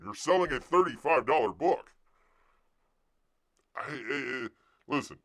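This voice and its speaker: A man hosting a casual live stream, ranting with loud outbursts and muttered asides. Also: fairly low pitch. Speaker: livestream host.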